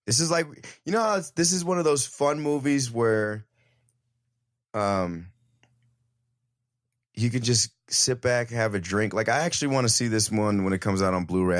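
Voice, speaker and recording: A man's voice: fairly low pitch, no room sound, clean studio sound. A man hosting a casual comedy podcast, rambling and cursing with hyped-up energy. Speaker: podcast host.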